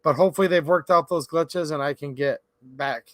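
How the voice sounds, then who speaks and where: A man's voice: a little high, moderate pace, a bit bright, no echo. A man hosting a casual livestream, greeting viewers by name in a chatty, upbeat way and calling them man and dude. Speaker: livestream host.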